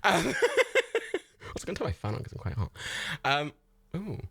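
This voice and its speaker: A man's voice: a little high, sing-song, moderate pace, vocal fry, pushed and bright, slightly rough, no room sound. A young man hosting a livestream, rambling and swearing in casual chatter, laughing often and mocking himself. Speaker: livestream host.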